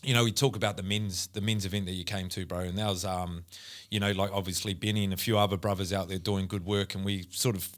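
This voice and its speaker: Low-voiced man, rambling and profane. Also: little pitch movement, fast, few pauses. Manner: rambling, profane, says mate and bro a lot. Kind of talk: casual podcast chat.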